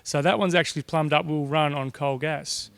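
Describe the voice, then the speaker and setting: A man guiding visitors around a collection, answering questions in a relaxed, measured way with many filler words. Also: a little high, vocal fry, no echo. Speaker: collection guide. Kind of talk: casual interview answers.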